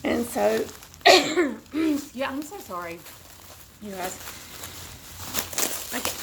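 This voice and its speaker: Hoarse chatty woman with a froggy voice. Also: on the high side, sing-song, very slow, noisy background. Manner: rambling, chatty, goes off on tangents. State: hoarse, congested, coughing. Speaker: vlogger unboxing a bag. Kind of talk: casual unboxing chat. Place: at home indoors.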